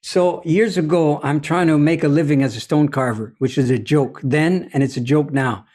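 Male guest with a measured, reflective delivery and a somewhat raised pitch; a thoughtful storyteller. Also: steady tone, darkish tone. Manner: deliberate, philosophical, often asks "you see?". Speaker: podcast guest.

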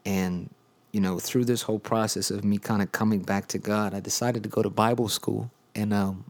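Young male podcast host, very low voice, relaxed storytelling testimony with filler words. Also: normal speed. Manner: conversational storytelling with many fillers. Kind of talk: casual spoken testimony.

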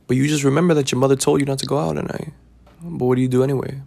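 A man's voice: medium pitch, fast talker, creaky, darkish tone. A man hosting a podcast, talking casually and preachily about life lessons, repeating himself and checking in with "right?". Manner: preachy, repetitive, keeps asking "right?". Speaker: podcast host. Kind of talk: casual advice monologue.

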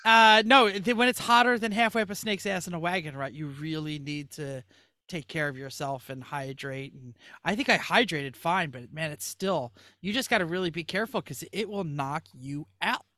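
A man's voice: on the high side, moderate pace, dry recording, studio quality. A young man telling a story in casual podcast chat, acting out the quotes as he goes. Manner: animated storyteller, acts out quotes. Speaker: podcast co-host.

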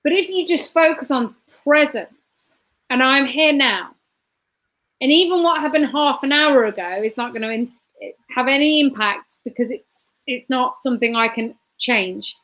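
A woman's voice: high-pitched, measured pace, fairly bright tone. A woman, a guest giving a motivational talk, repeating phrases emphatically and punching points with sound effects.

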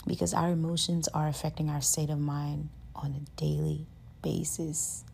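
A woman with a low, flat, gravelly voice that sounds husky and mellow. She hosts a self-help podcast in an earnest, casual monologue full of "like" and "you know". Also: moderate pace, slight background noise. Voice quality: says her voice is high-pitched and gets loud with passion. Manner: earnest, conversational, lots of fillers like "like" and "you know". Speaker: podcast host.

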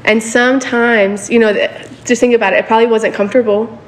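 A woman's voice: on the high side, fairly even intonation, brisk. A woman preaching a sermon in a casual, conversational way, often checking in with her listeners for agreement.

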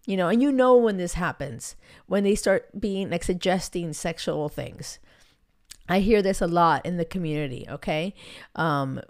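Chatty, lower-pitched woman giving dating advice. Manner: chatty and animated, heavy use of "like" and filler words; frank, encouraging advice with laughs. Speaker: podcast host and dating coach. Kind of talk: casual solo podcast monologue.

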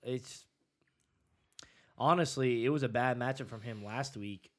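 A man's voice: medium pitch, measured pace. A man co-hosting a casual fantasy football chat, hesitant and thinking aloud while he looks up numbers. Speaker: podcast co-host.

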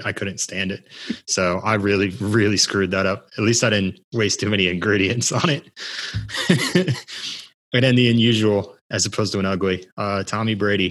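A man with a fairly low voice chats loosely on a podcast. He rambles, restarts his sentences and laughs often as he goes. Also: fairly bright tone. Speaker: podcast co-host. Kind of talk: casual podcast chat.

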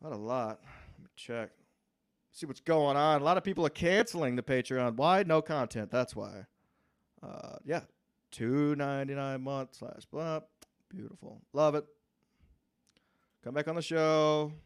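A man hosting a podcast solo, reading the live chat and ranting with lots of swearing, swinging from muttering to yelling. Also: a little high, a little slow, pauses often, clear, resonant tone, no room sound, studio quality. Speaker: podcast host. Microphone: podcast microphone.

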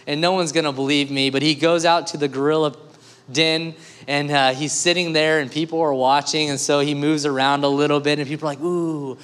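A man preaching a sermon with an animated storyteller's delivery. His voice sits a little high and he moves between playful jokes and earnest, coaxing questions to his listeners. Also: brisk. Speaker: pastor.

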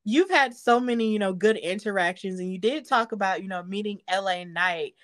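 A woman hosts a podcast in relaxed, emphatic conversation. Her voice is mid-pitched. The recording is dry, with no room sound. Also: fairly quick, no echo. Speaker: podcast host. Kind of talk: casual interview chat.

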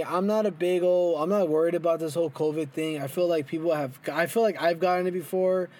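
A man's voice: a little high, a little mellow. Rambling young man, casual podcast chat. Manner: rambling, lots of "like" fillers, joking. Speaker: podcast co-host. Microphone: headphones and mic.

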